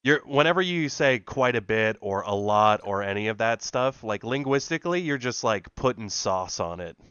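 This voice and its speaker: A man's voice: lowish voice, expressive, normal speed, fairly bright tone, clear, resonant tone, no echo, muffled recording. A man co-hosting a casual reaction podcast, sarcastic and profane, laughing often. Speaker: podcast co-host.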